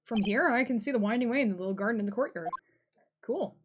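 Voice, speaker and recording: A woman's voice: a little high, quick pace, background noise. A woman streamer reading game text aloud with playful, sarcastic asides.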